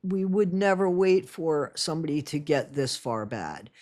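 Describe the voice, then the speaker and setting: A woman's voice: sits low, lively intonation, measured pace, darkish tone. A woman hosting her own channel and giving blunt, sarcastic reaction commentary. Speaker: channel host.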